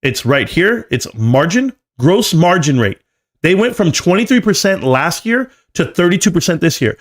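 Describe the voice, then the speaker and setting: A man's voice: sits high, big pitch swings, moderate pace. A man giving live stream market commentary, emphatic and lecturing, often repeating key numbers. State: coughing, choked up.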